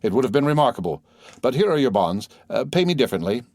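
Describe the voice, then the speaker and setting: A man voicing a suave, wealthy nobleman in an audiobook reading, speaking in a polished, gently mocking way. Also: medium pitch, very animated, quick pace, no room sound, studio quality. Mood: poised. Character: suave wealthy nobleman count, ironic and poised.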